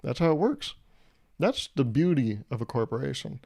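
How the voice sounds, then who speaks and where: A man's voice: medium pitch, very animated, normal speed, vocal fry, darkish tone. A young man hosting his own podcast, riffing through a crude, rambling comedic monologue with a self-amused edge. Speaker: podcast host.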